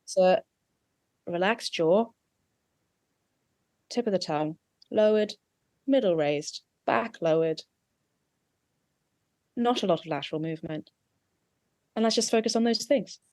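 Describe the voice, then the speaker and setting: A woman dialect coach explains tongue, jaw and vowel placement in a patient, technical way. Her voice sits at an ordinary middle pitch. The recording is dry and close, with no room sound. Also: unhurried, long pauses, a little mellow, no echo. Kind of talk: accent coaching session.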